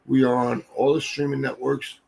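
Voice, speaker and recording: A man hosting a podcast in casual chat, loud, boisterous and profane. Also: mid-range voice, level tone, normal speed, creaky, rough recording. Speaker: podcast host.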